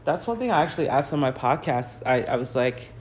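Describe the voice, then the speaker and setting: Painting in her home garage early in the morning, this American artist rambles casually on a phone livestream, laughing often and using plenty of fillers. She has a very deep, slightly mellow voice, and her delivery is brisk and very animated. There's a little background noise.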